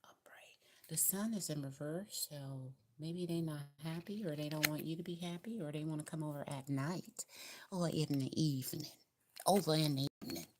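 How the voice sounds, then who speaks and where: A woman's voice: low-pitched, moderate pace, noisy background. A woman with a Southern US accent giving a casual tarot card reading, chatty and encouraging, repeating her advice in a colloquial way. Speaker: tarot reader.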